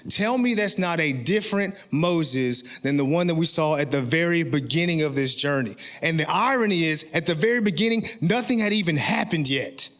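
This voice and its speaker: A male pastor preaching a sermon in a church, animated, with rising shouts at his peaks and frequent "all right?" check-ins to the congregation. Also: a little high, moderate pace, few pauses. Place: church sanctuary.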